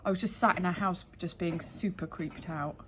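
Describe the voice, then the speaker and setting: A woman's voice: lowish voice, moderate pace, slight background noise, low-quality recording. A woman getting her nails done at home, chatting and rambling through long, loose explanations. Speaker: client, the host's sister. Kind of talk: casual chat.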